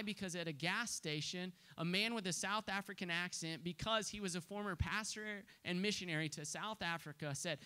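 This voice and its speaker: Young guy preaching to a youth group, earnest, stumbles and restarts a lot, kinda high voice. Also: bright, forceful tone. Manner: earnest storytelling with frequent restarts. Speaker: pastor. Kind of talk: sermon.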